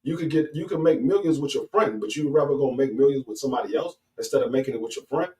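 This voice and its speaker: A man in casual sports talk, speaking haltingly with many restarts and climbing high in pitch when he argues a point. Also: mellow, recorded from a distance, low-quality recording. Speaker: boxing talk guest.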